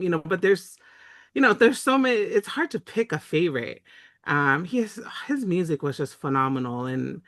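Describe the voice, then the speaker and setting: A man sharing his favorite songs in a casual chat, speaking hesitantly with many pauses and fillers. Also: high-pitched, gravelly, pushed and bright, dry recording, studio quality. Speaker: guest sharing a memory.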